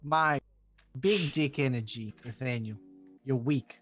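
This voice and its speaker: A pompous braggart, put on by a man, lords his power over a rival in a slow, mock-grand taunt. He drags the words out at an unhurried pace. The pitch sits in a middling register. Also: fairly bright tone, no echo, faint music behind. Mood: gloating.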